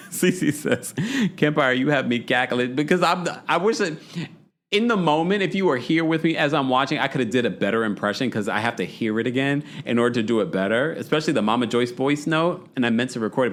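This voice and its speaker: A man hosting a podcast, casually recapping a reality show in an animated, gossipy way and laughing often. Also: mid-range voice. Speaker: podcast host.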